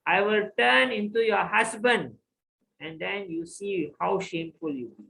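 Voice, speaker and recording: A man's voice: sits high, measured pace, creaky, pushed and bright, slight background noise, pitched above the performer's own voice, heavily acted, poor audio. A man voicing a mischievous, boastful young boy god with a cheeky, commanding manner. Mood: teasing.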